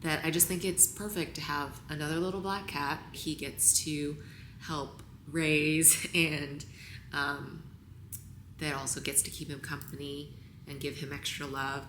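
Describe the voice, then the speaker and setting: A woman vlogger talking on camera, tearful and halting, sometimes dropping to a whisper. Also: low voice, level tone, echoey room, noisy background. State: crying. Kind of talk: emotional on-camera talk.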